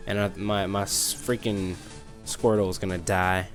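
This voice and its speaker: A let's play host, a young man in his twenties, speaks in a low, flat voice at a normal speed with faint music in the background. In casual gameplay commentary, he tells a rambling childhood story while remarking on the game he's playing, often losing his train of thought mid-sentence.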